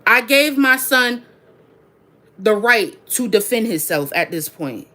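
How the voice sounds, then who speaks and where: Frustrated woman with a bright voice. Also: fairly high pitch, very animated, slow. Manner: frustrated, emphatic, repeats herself. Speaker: mother, vlogger. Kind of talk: venting to camera.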